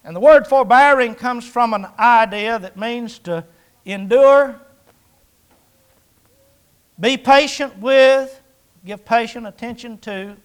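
Older guy preaching, really high voice, chatty and folksy, asks the crowd questions. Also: slow pace, pauses often, clear, resonant tone. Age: 60s. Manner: folksy, conversational, jokes and rhetorical questions. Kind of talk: sermon.

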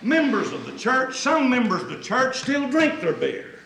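Man preaching an emphatic, folksy sermon; high voice, echoing hall. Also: big pitch swings, normal speed, creaky, fairly bright tone, a little hiss or hum.

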